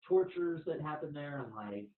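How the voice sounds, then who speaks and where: Young guy hosting, relaxed and chatty, in an echoey room with narrow phone-like audio. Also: on the high side, moderate pace, recorded from a distance. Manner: easygoing, laughing storyteller. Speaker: podcast host. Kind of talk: casual chat.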